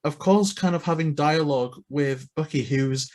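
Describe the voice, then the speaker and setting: A man with a slightly high voice hosts a casual interview. He sounds eager and chatty, with quick laughs between his questions. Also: darkish tone. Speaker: interview host.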